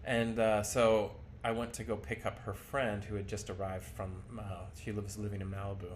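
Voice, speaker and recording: A man's voice: on the low side, level tone, moderate pace, a little hiss or hum. A man telling his own life story to camera in a candid, rambling, self-deprecating way.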